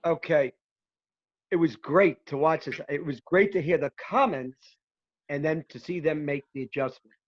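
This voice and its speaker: A man's voice: fairly high pitch, lo-fi sound. Stammering man praising students. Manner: halting, stammers with repeated words. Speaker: guest comedian and actor. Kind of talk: acting feedback. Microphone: video call.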